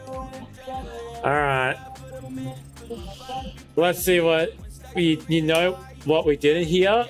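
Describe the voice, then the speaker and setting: A young man streaming a game live with friends, excitable, shouting quick callouts, casually swearing and repeating himself when he pushes back. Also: on the high side, over music. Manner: defensive, insistent repeating. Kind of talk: live gameplay commentary with friends.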